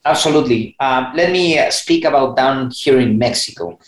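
A man speaking as a guest on a panel in a measured, slightly halting way. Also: medium pitch. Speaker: guest executive. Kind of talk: casual panel talk. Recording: echoey room.

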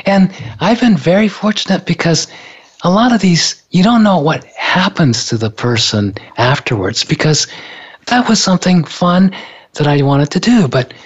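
A man's voice: high voice, lively intonation, moderate pace, husky, highs cut off. A male author telling a personal story in conversation, earnest, and often repeating words as he recalls events. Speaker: author and speaker.

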